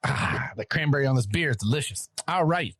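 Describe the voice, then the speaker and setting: Southern man, podcast co-host, animated storyteller, dry close mic, mid pitch. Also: fast talker, husky, dry recording. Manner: animated storyteller, laughs often, mimics voices. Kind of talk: casual chat.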